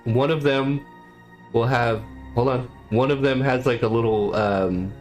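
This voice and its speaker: A man running a tabletop game as game master, narrating in a halting way with frequent fillers. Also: mid-range voice, fairly even intonation, soft background music.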